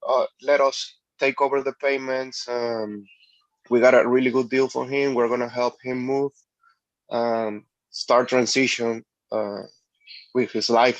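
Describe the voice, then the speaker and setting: A man real estate agent giving a halting update on a video call, with many pauses and fillers. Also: mid-range voice, gravelly, no echo. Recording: dry, dull lo-fi call audio.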